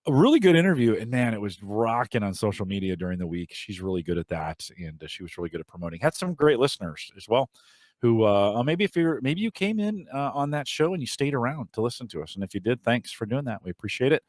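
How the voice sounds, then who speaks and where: A man's voice: mid-range voice, big pitch swings, fast, darkish tone, dry recording. A man hosting a podcast in casual, rambling chat with frequent restarts. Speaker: podcast host.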